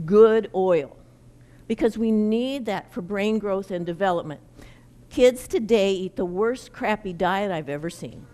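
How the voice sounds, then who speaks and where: A middle-aged woman giving a lively, folksy workshop talk to parents on nutrition and the brain, leading the audience in gestures. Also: medium pitch. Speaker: nutrition educator presenting to parents.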